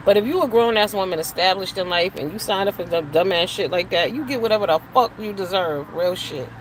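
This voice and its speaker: A woman's voice: medium pitch, brisk, a little hiss or hum, poor audio. A middle-aged woman hosting a show, giving blunt, profane, emphatic commentary with preachy asides. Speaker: show host. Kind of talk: opinionated casual commentary.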